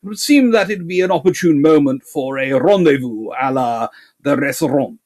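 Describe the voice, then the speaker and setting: A man's voice: a little high, expressive, moderate pace, a little mellow. A man putting on a posh, overly polite voice on the radio, hesitant and flowery. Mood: mock-posh. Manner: flowery, long-winded phrasing with hesitant fillers.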